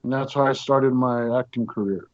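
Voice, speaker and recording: A man being interviewed as a guest actor, telling stories in a casual, animated way and acting out the other people in them. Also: medium pitch, moderate pace, no echo. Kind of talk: casual storytelling. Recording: dull lo-fi audio.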